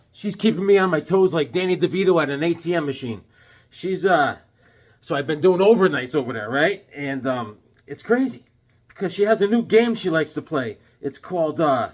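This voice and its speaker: A middle-aged man chatting casually to camera about comic books, jokey and wisecracking. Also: fairly high pitch. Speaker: comic book vlogger. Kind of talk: casual rambling chat to camera.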